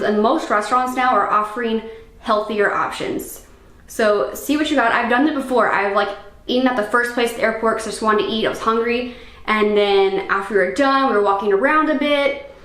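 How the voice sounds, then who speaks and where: A young woman chats casually for her vlog, rambling and dropping "like" and "um" all through her talk. Her voice sits somewhat high. The camera mic catches the echo of a bare room at home. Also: a bit bright. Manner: chatty and rambling, full of "like" and "um". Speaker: fitness vlogger. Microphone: camera microphone. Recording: roomy echo.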